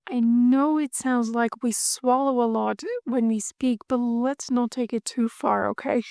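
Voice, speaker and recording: Woman, language teacher, playful, repeats drills, slightly high, dry close mic. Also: fairly even intonation, gravelly, a little mellow, no echo. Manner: playful, drills words slowly and repeats them. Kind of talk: scripted video lesson.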